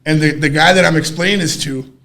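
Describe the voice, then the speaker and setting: Man, podcast co-host, casual storytelling, profane, animated, slightly high voice. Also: fast.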